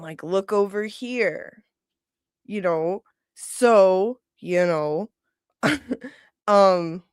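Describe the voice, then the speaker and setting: Slow-talking woman chatting on a livestream. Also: medium pitch, clean tone, no room sound, studio quality. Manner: rambling, chuckling often. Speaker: livestream host. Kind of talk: casual livestream chat, reading viewer comments.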